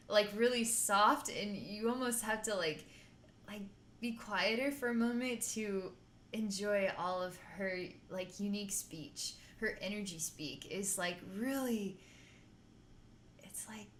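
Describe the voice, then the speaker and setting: A woman's voice: mid-range voice, a bit bright, echoey room, a little hiss or hum. A woman working as a psychic healer, guiding a distance healing session in an effusive, giggly, rambling way.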